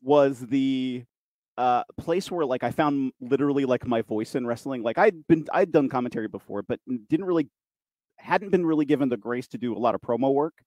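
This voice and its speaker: A man's voice: mid-range voice, fairly quick, a little mellow, no echo, muffled recording. A man, a wrestling commentator, chatting casually and rambling through his stories while voicing others in quotes. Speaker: podcast host, wrestling commentator. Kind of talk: casual storytelling chat.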